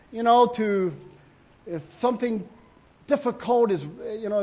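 A man's voice: sits high, a little mellow. Earnest man preaching a sermon. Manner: halting, earnest, many restarts and fillers. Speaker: pastor.

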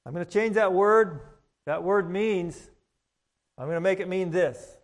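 A man preaching a sermon, reading scripture aloud and repeating key words with deliberate emphasis. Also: high voice. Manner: slow, deliberate, emphatic repetition. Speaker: pastor. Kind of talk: King James scripture reading.

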